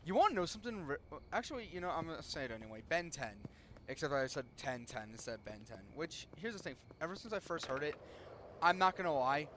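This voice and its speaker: A young gaming streamer gives casual gameplay commentary in a slightly high, bright, forceful voice with big pitch swings, talking fast. He rambles, often cuts himself off mid-sentence, and trails off, with slight background noise in the recording.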